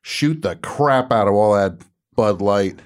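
A man's voice: lowish voice, slow pace. A man hosting a comedy call-in show, riffing in jokey rants. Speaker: host.

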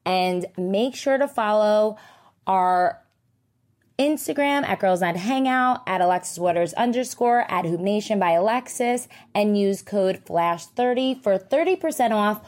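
A young woman hosts her own podcast and tells stories in a loose, chatty way. She talks at an unhurried pace, animated, and curses casually. Her voice sits at an everyday pitch for a woman. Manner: chatty, animated, swears freely. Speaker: podcast host. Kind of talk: casual solo podcast storytelling.

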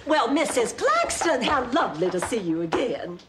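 A woman's voice: fairly high pitch, big pitch swings, moderate pace, heavy background noise. An actress playing a genteel, easily affronted woman neighbor in a sitcom. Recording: sitcom with loud studio audience.

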